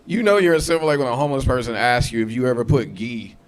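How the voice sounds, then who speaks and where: A man in his thirties doing a stand-up set, brash and profane, jumping into shrill high voices for punchlines. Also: fast talker, very noisy. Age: 30s. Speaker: stand-up comedian. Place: comedy club stage. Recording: live club crowd laughter. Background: audience laughing.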